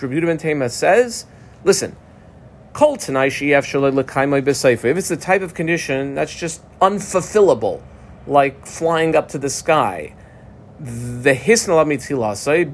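A man's voice: medium pitch, a little hiss or hum. Chatty man teaching a text. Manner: chatty, explains and translates terms, frequent fillers and restarts. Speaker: Talmud teacher. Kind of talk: casual study lesson.

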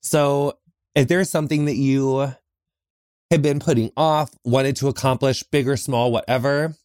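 A man of middle pitch hosts his own podcast and talks earnestly, picking his words slowly with many pauses and restarts. He records in a small closet, so the sound is close and dry, with no room echo. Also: fairly even intonation, a little mellow, clear, resonant tone. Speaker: podcast host. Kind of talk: heartfelt solo podcast talk.

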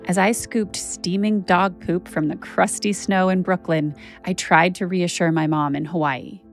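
A woman's voice: fairly low pitch, steady tone, unhurried, soft background music. A woman journalist telling a personal story as a podcast narrator, candid and conversational with frequent "like" fillers.

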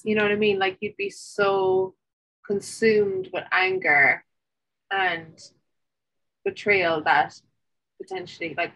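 A woman's voice: medium pitch, vocal fry, muffled recording. Chatty Irish woman saying "like" a lot. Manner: chatty, lots of "like", swears casually. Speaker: podcast co-host. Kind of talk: casual podcast chat.

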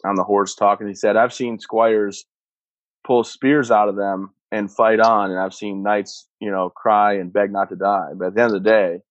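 A man in his thirties, a combat veteran, telling his own story in a steady, matter-of-fact way. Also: fairly low pitch, moderate pace, no echo. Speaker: interview guest, combat veteran. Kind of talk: personal storytelling. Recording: dull muffled sound, dry.

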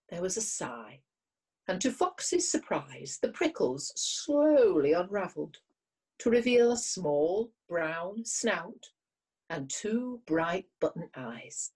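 Slow, husky-voiced woman reading a story. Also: low-pitched. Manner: expressive, measured reading. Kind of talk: storybook read-aloud.

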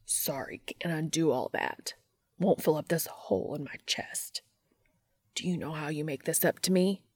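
A grieving, stubborn man speaks with urgent strain in a low, gravelly voice, read by a woman narrating fan fiction. The words come close and dry. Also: normal speed, darkish tone, dry recording. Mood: pleading.

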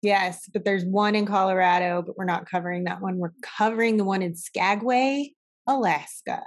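A woman co-hosting a casual podcast, chatting easily with a friend. She talks freely and drops the odd swear word along the way. Her pitch sits in a normal middle range. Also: moderate pace. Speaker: podcast co-host. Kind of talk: casual chat.

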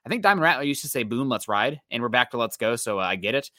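A man's voice: mid-range voice, animated, fast talker, bright, forceful tone, dry recording, clean studio sound. A man co-hosting a fan livestream, casually reading out viewer comments and greeting the chat. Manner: reads viewer comments aloud, easygoing.

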